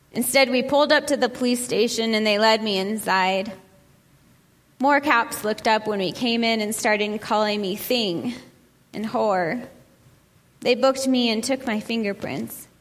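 A woman speaks earnestly and with measured emphasis, slowing down on the phrases that matter most. Her voice sits a little high. A long reverb trails each line, as if she stands in a large hall. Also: fairly bright tone. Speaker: speaker reading a memoir aloud. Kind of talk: earnest reading and preaching.

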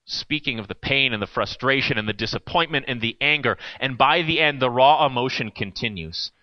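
A man preaching a sermon in a conversational way, swinging between loud bursts and hushed, quiet lines. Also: medium pitch, expressive, a little fast, hardly any pauses, no room sound, dull audio.

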